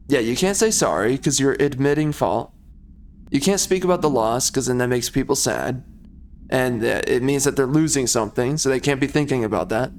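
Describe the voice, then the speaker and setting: A man's voice: medium pitch, a little hiss or hum. A man giving casual commentary while playing a video game, rambling and ranting with sarcastic asides.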